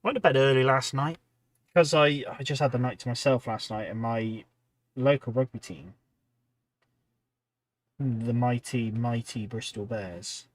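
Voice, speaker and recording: A man's voice: medium pitch, measured pace, pauses often. A tired man hosting a hobby livestream, chatting casually and rambling with lots of ums while he paints. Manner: rambling, chatty, many ums and restarts, reading out chat.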